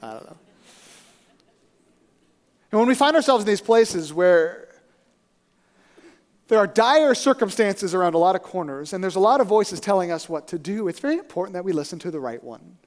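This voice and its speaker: A man preaching a sermon as a story, conversational and animated, often asking "right?". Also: sits high, moderate pace, long pauses. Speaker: pastor. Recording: reverberant hall.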